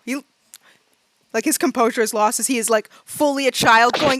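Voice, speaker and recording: A woman narrating as game master, chatting loosely with lots of fillers and acting out quick bits of her characters. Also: high-pitched, a bit bright, dry recording. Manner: chatty, many fillers, acts out side characters.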